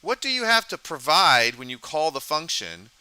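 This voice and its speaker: A man's voice: fairly high pitch, big pitch swings, normal speed, bright, forceful tone, clean tone, dry recording. A man teaching a college programming lecture, talking casually while coding live, thinking aloud and asking the class questions.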